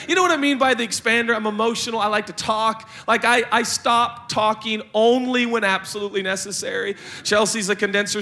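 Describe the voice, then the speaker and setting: A young adult man preaching a sermon as pastor, joking and animated, with playful asides to the congregation. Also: high voice.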